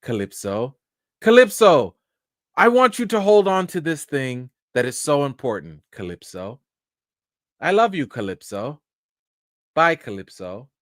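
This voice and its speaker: A man's voice: fairly high pitch, big pitch swings, measured pace, pauses often, fairly bright tone, no echo. A stiff, overly sentimental grandmother dotes on her granddaughter, as a man mimics her. Every line comes out stilted, and she says the girl's name again and again. The sound is dry and close. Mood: mock-sentimental.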